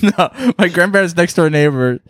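A man in his thirties chats on a podcast with a slightly raised voice, laughing through his stories and swearing freely. He puts on quick voices for the people he quotes. The sound is dry and close. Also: high-pitched, lively intonation, a bit bright, no echo. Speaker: podcast co-host. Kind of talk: casual chat, storytelling. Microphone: podcast studio mic.

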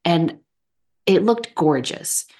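Animated storytelling woman podcaster. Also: on the low side, takes it slowly. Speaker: podcast co-host. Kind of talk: casual chat.

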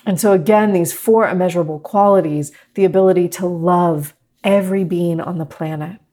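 A middle-aged woman teaching a meditation class, talking gently and reflectively to her students. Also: lowish voice, a little fast. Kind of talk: guided meditation talk.

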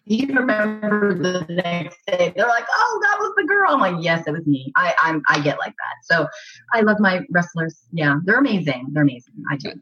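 Gushing, excitable woman with a husky voice. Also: lowish voice, normal speed, soft background music. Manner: bubbly, gushing, excitable, many restarts and laughs. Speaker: actress guest. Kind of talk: casual interview chat. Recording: muffled lo-fi audio.

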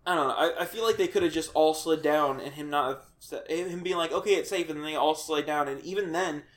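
A man co-hosting a podcast in casual chat, animated and joking, often laughing. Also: a little high, a little fast. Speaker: podcast co-host.

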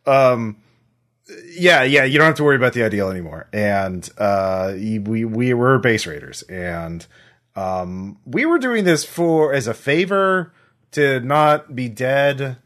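A man's voice: medium pitch, sing-song, measured pace, fairly bright tone. A man playing a tabletop game, rambling and joking and easily distracted. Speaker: player. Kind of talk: casual tabletop role-play.

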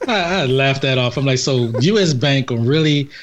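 A man's voice: medium pitch, expressive, moderate pace, lo-fi sound. A man chatting on a podcast in an amused, joking way, laughing often. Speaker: podcast co-host. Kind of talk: casual chat.

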